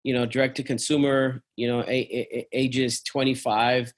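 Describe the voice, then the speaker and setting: A man's voice: medium pitch, little pitch movement, normal speed. Chatty man with restless fillers. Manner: rambling, many fillers and restarts; uses "man" and "dude" often. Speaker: travel business owner. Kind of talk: casual business conversation.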